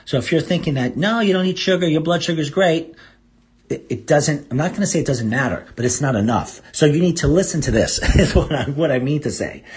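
A man hosting a health radio show as a doctor, talking listeners through the topic in an animated way. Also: quick pace, few pauses. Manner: animated, mock-quotes listeners in a higher voice. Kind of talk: health talk radio monologue.

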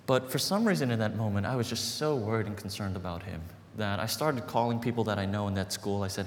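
A man's voice: fairly low pitch, fast talker, few pauses. A man preaching as a pastor, telling a story in an earnest, conversational way and building to emphatic points. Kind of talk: sermon storytelling. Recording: long hall reverb, faint background noise.

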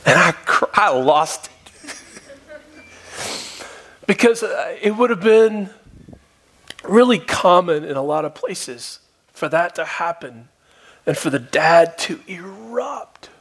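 Slow, husky-voiced male pastor. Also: high-pitched, expressive. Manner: storytelling, shifts between soft hushed tones and raised emphasis. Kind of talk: sermon. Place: church.

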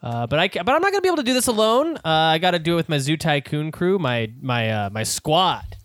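Animated, jokey male podcast host. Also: fairly high pitch, quick pace, few pauses, no room sound, clean studio sound. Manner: playful, jokey, mock-dramatic. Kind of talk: comedy podcast banter and ad read.

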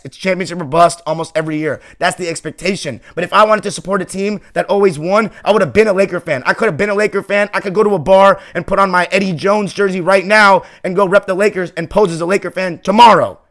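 A fairly high-pitched man hosts a sports podcast, giving a passionate fan monologue that shifts from heated ranting to quiet, heartfelt reflection.

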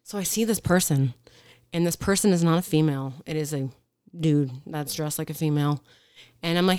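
A woman police officer telling stories in casual podcast chat, animated, acting out quotes and swearing freely. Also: low voice, normal speed, clear, resonant tone, no echo, clean studio sound.

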